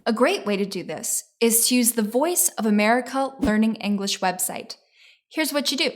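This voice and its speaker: A woman giving a scripted pronunciation lesson, explaining step by step in a clear, encouraging way. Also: fairly high pitch, lively intonation, moderate pace. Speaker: English teacher.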